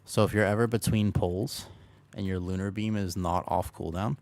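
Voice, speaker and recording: A man livestreaming a game, chatting casually and playfully with viewers while keeping his voice quiet to rest a sore throat, close to his desk microphone. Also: sits low, fairly even intonation, normal speed. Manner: playful, chatty, talks to chat by name. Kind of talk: casual chat while gaming.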